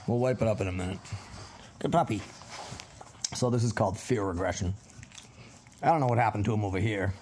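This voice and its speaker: A dog trainer from Massachusetts chatting casually through a vlog, breaking into a high baby voice to talk to the dogs. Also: male voice, a little mellow, slight background noise. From Massachusetts, USA.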